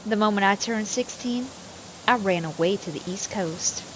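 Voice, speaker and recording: A woman's voice: mid-range voice, moderate pace, a little hiss or hum, natural voice, rough recording. A woman putting on a brash Southern housewife. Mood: boastful. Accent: put-on Southern US.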